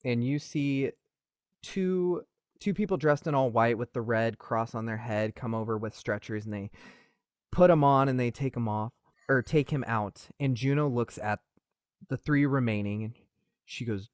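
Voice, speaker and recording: A man narrating a tabletop game as game master, in a casual, animated way. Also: medium pitch, moderate pace, no echo, studio quality.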